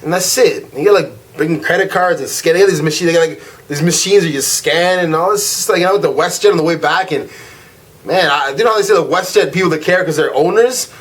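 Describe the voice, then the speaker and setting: High-voiced young man ranting, slangy. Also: quick pace. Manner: animated, slangy, swings from loud irritation to laid-back drawl. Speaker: vlog host. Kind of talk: casual storytelling rant.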